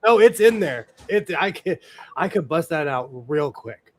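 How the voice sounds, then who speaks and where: A male host in casual chat, talking in an animated way and laughing often. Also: fairly high pitch, measured pace.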